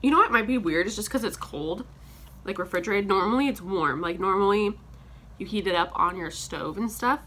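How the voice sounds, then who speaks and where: A young woman vlogger with a medium-pitched, bright, forceful voice chats casually while making breakfast in her home kitchen, talking a little fast. She rambles, says "like" a lot, and laughs often. She sounds congested from a sinus infection and slightly out of breath.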